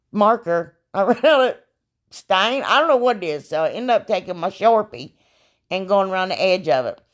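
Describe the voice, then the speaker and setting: A woman who hosts a craft channel narrates her project in a chatty, rambling voiceover, her somewhat low voice a little hoarse as if she's losing it. She's relaxed and self-deprecating, with many asides to her viewers.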